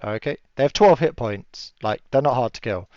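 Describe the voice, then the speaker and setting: A man's voice: medium pitch, lively intonation, moderate pace, a little mellow, no room sound. A man running a tabletop game as game master, chatty and laughing often, with lots of fillers. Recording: dull lo-fi audio.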